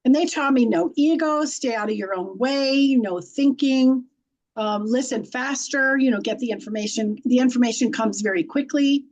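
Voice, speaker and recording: A woman's voice: on the high side, normal speed, a little mellow, lo-fi sound. A middle-aged woman telling stories in a blunt, folksy way, laughing often as she talks. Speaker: guest, intuitive and animal communicator. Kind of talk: conversational storytelling.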